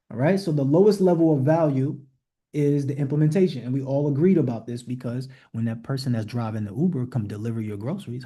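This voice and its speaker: A warm, mid-range male voice belongs to a coach teaching a group on an online leadership call. His motivational delivery is blunt and emphatic, with rhetorical questions he keeps repeating and commands he gives straight out.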